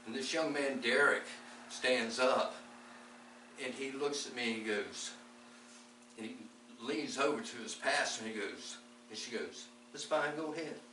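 A man's voice: mid-range voice, unhurried, long pauses, bright, forceful tone. A man giving an earnest, rambling testimony about his faith, often repeating words as he tells the story. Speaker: lay preacher. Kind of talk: testimony-style faith talk. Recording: echoey distant recording with background noise.

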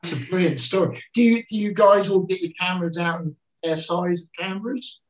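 A man's voice: high voice, fairly quick, poor audio. A man hosting a podcast, reacting briefly and asking teasing questions in casual chat. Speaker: podcast host.

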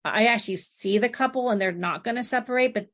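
A woman's voice: fairly high pitch, fast talker, a bit bright. A middle-aged woman, a therapist guest, talking casually in an interview and telling stories with quoted dialogue. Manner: anecdotal, quotes clients and family in dialogue. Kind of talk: conversational interview.

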